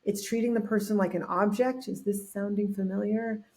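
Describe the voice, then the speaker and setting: Mellow-voiced woman telling a story. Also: medium pitch, moderate pace. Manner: animated storyteller acting out quotes, frequent restarts. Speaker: podcast guest, author. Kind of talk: storytelling in a podcast interview.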